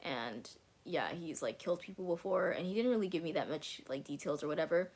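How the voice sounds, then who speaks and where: A woman's voice: sits low, lively intonation, fairly quick, a little mellow, husky. Young woman's candid, cussing storytime. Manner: candid, swears a lot, fillers of "like". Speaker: vlogger. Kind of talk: casual storytime chat.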